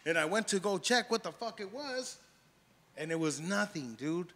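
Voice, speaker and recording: High bright-voiced guy, hyped up and cussing a lot, long echoey reverb. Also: moderate pace. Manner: excitable, swears constantly, acts out dialogue. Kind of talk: casual storytelling.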